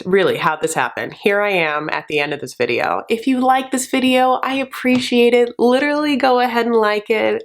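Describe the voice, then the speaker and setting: A woman giving a sassy, casual comedic recap of a reality show, swearing freely and slipping into quoted voices. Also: fairly low pitch.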